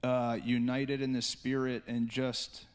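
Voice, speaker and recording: A man's voice: medium pitch, level tone, unhurried, clear, resonant tone. Guy, 30s, church panel talk, rambly and earnest, lots of restarts. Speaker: church speaker.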